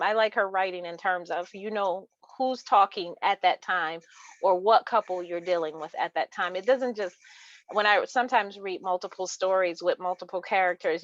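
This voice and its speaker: A woman's voice: mid-range voice, a bit bright, no echo, dull audio. A woman author in casual interview chat, talking about books she reads with frequent laughter and many restarts.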